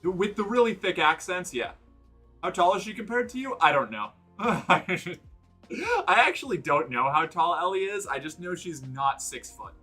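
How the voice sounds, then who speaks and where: A man from New England chats loosely on a stream, full of "like" and false starts as he drifts between topics. His voice is bright and forceful at a middle pitch, with faint music playing behind him. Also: animated, moderate pace, slightly rough. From New England, United States. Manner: rambling, many fillers and restarts. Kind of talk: casual stream chat, reading chat aloud. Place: indoors, sitting on the floor.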